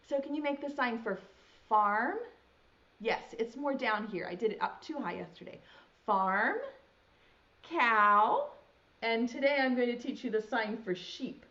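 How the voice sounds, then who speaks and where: A woman's voice: on the high side, fairly bright tone, highs cut off. A young woman teaching a virtual preschool lesson, talking to small children in a sing-song, encouraging way and stretching out sounds.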